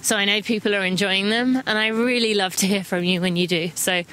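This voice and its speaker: A woman's voice: medium pitch, fairly even intonation, brisk, a bit bright, a little hiss or hum, rough recording. An English woman hosting a running podcast, chatting casually and counting listeners into strides as she walks outdoors. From England. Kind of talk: casual audio running guide. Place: walking outdoors.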